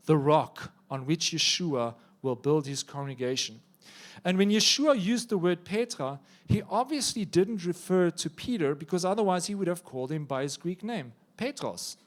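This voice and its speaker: Guy preaching, storytelling style, cracks jokes, bit higher voice. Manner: lively storytelling with joking asides. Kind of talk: sermon.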